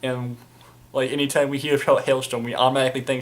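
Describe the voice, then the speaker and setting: A man's voice: mid-range voice, little pitch movement, quick pace, a little hiss or hum. Rambling young man telling a game story. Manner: rambling, many fillers and crude slang. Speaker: storyteller, fan video maker. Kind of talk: casual storytelling about a tabletop game.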